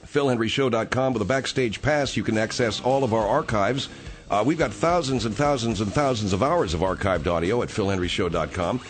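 A man's voice: on the low side, fairly quick, soft background music. A man hosting a radio talk show, bickering with his co-host and coughing from a tickle in his throat. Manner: exasperated, bickering.

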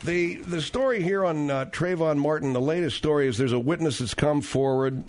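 A man's voice: on the high side, normal speed, darkish tone, faint music behind. A man hosting a radio talk show, dryly steering the conversation with his callers.

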